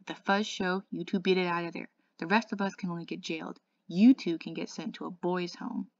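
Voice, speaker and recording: A woman reading the part of a firm, protective older brother, lecturing in a raised, higher voice. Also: little pitch movement, brisk, gravelly, darkish tone, no room sound, lo-fi sound. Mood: stern. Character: Darry, bossy protective teenage big brother.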